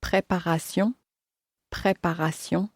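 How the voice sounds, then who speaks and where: A French-accented woman models words for a language lesson, saying each one twice with great care. She speaks very slowly in a fairly low voice. The sound is dry and close, with no echo. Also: steady tone, husky. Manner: slow, careful repetition of each word. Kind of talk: scripted pronunciation model.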